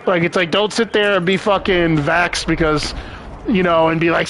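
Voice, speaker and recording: A young man with a high, brisk, slightly bright voice chats casually while streaming a game. He rambles, swears and laughs a lot, with a little background noise behind him.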